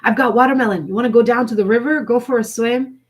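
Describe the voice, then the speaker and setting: Woman acting out an excited friend texting an invite, bright and upbeat. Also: fairly high pitch, fast, breathy edge, pitched above the performer's own voice. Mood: eager.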